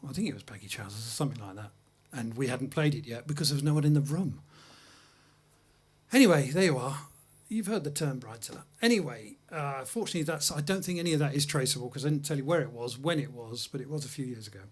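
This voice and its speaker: Brief: male host from England, mid-pitched, chatty and self-deprecating, telling anecdotes between tunes in a studio. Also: lively intonation, fast, slightly rough. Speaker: host and jazz pianist-singer. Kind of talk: casual chat between songs on a livestream. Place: music studio.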